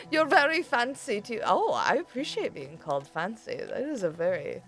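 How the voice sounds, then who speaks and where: Animated laughing woman streamer. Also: a little high, measured pace, faint music behind. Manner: animated, laughing often, swears freely. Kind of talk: casual gameplay chat with chat.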